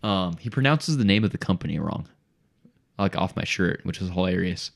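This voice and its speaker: A young man, a podcast guest, telling a story in a casual, animated way and saying "dude" a lot. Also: low voice, normal speed, gravelly.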